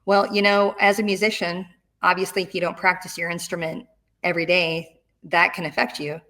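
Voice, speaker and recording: A woman's voice: on the low side, brisk. A middle-aged woman, a retired Marine, telling her story in an interview and acting out the voices of the people in it. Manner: animated, acts out quoted voices.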